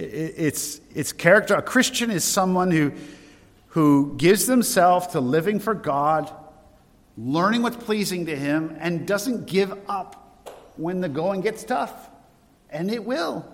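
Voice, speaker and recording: Pastor preaching in a reverberant hall. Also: male voice, high-pitched, animated, moderate pace. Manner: conversational preaching with rhetorical questions. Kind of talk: sermon.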